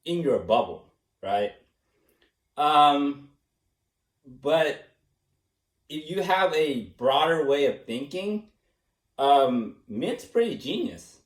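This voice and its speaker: A man being interviewed, speaking casually, animated and self-mocking, laughing often and slipping into impressions. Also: a little high, extremely slow, pauses often. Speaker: interviewee, former student. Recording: echoey room, mic at a distance.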